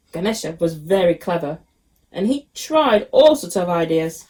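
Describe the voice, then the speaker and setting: A woman teacher reading a picture book aloud to children, expressive and with frequent ums. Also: lowish voice, unhurried.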